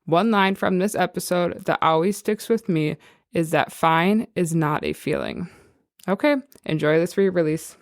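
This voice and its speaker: A woman's voice: on the low side, unhurried, dry recording, studio quality. A woman introducing a re-released church podcast episode in a read-out, friendly way. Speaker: podcast co-host.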